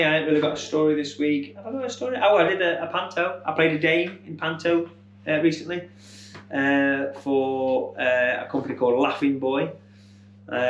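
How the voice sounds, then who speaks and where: A man's voice: a little high, a bit bright. A man in his thirties, hosting a quiz and reading out answers with rambling, jokey asides. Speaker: quiz host. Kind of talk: casual quiz answer run-through. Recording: echoey room.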